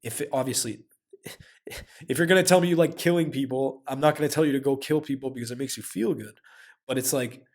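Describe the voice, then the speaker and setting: A man's voice: medium pitch, a little fast. Young man rambling with slang and swearing. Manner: heavy slang and swearing, frequent filler "like". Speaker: vlogger. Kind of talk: casual reflective monologue.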